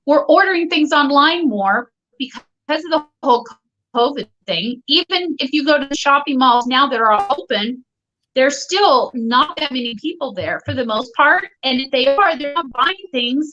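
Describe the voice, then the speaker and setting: A woman's voice: sits high, animated, normal speed, bright, forceful tone, slight background noise. A woman entrepreneur co-hosting a casual business podcast over an online connection, chatty and agreeable. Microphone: remote connection, delayed line. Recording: dull lo-fi online call audio.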